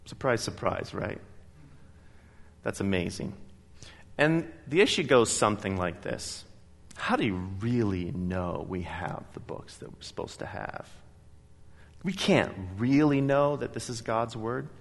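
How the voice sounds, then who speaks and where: A man preaching a sermon in a church, telling stories in a lively, emphatic way. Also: on the low side, measured pace, gravelly, long reverb tail. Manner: animated storytelling, emphatic. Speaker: pastor. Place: church sanctuary.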